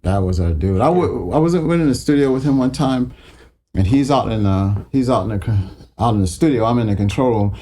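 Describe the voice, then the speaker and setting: Mellow-voiced man in his sixties swapping stories. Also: mid-range voice, a little hiss or hum. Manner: profane, animated, acts out others' voices. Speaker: guitarist guest. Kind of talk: casual interview storytelling.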